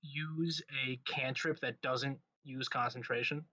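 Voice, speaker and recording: A man's voice: medium pitch, steady tone, a little slow, sharp tone. A man playing a tabletop game, taking his turn in a jokey, laid-back way and asking the game master rule questions. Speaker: player. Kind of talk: casual tabletop play.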